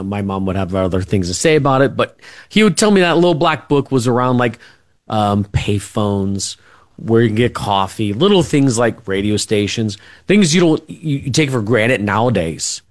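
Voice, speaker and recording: A man's voice: lowish voice, expressive, moderate pace, no echo, studio quality. A middle-aged man, a radio interview guest, telling family stories in a rambling way with many fillers and restarts. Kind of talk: casual storytelling.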